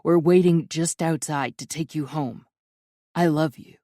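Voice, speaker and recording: A woman's voice: low-pitched, a little slow, warm tone, no echo, clean studio sound. A woman narrator voicing a loving man who reassures his partner tenderly over the phone.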